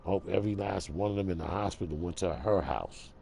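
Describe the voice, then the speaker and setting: A man's voice: deep voice, fast talker, creaky, mellow, slight background noise. A man ranting casually to camera in a streetwise, emphatic way. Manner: streetwise, emphatic, repeats "bro". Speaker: vlogger.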